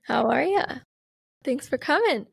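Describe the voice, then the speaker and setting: A bubbly young woman hosts a podcast, greeting and asking questions with a welcoming lilt. Her voice is notably high. The sound is close and dry. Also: animated, unhurried, creaky, dry recording. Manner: bubbly and welcoming, laughing often. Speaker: podcast host. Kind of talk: casual podcast chat.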